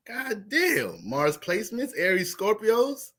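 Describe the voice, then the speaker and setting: A young man casually talking through an astrology livestream, profane and animated, laughing often. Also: fairly high pitch, normal speed.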